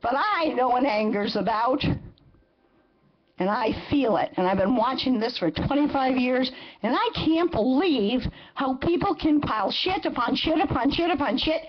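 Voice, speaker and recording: Older woman in her 70s, high voice, fiery public commenter, podium mic, dull lo-fi broadcast sound. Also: animated, normal speed. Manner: indignant, emphatic, repeats phrases for force. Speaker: resident giving public comment. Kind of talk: impassioned public comment at a council meeting.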